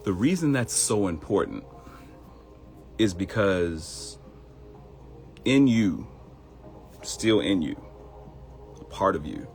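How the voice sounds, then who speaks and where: Deep-voiced man with lively delivery. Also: slow pace, pauses often, soft background music. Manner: animated, repeats phrases, laughs at own jokes. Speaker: host of a live morning show. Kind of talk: motivational live-stream talk.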